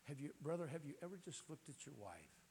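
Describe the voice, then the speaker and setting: A man, a bishop, preaching a sermon at a church prayer night in a raspy voice with folksy jokes and frequent throat clearing. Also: on the high side, sing-song, quick pace, darkish tone, a little hiss or hum. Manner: folksy, joking preacher talk.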